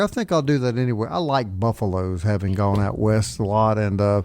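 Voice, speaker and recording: A middle-aged man with a Mississippi Southern accent co-hosts a casual radio talk show, speaking into a studio mic in a radio studio. His voice is on the low side, darkish and smooth with no echo, and he tells folksy stories full of long, drawn-out asides.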